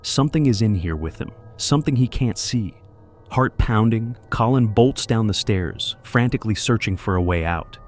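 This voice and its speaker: A man with a low voice narrates a suspense story in a measured, dramatic way. His delivery is scripted and builds tension. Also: animated, faint music behind.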